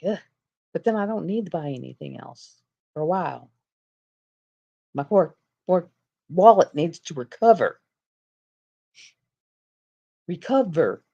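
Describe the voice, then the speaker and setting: This livestream host has a fairly high, creaky, slightly mellow voice. She chats and rambles through stories with lots of laughter, heard over dull lo-fi stream audio.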